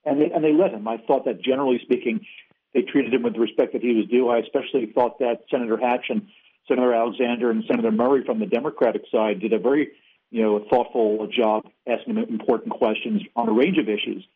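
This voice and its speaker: A man's voice: medium pitch, steady tone, quick pace, a little hiss or hum. A man speaking as an interview guest over the phone, fluent and policy-focused, with frequent "you know" fillers. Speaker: interview guest, former agency official. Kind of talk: interview on a call-in line. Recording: tinny phone line.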